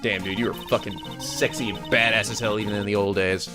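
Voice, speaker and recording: A man in his twenties hosting a let's play, hyper and excitable, laughing and swearing as he talks. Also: on the low side, a little fast. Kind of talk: excitable gameplay commentary. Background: game music.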